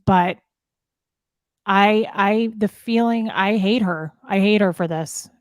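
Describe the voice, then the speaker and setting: A middle-aged woman telling a painful personal story, upset and halting, often restarting her sentences. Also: mid-range voice, darkish tone, no room sound, clean studio sound. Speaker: guest sharing her story. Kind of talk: emotional personal account.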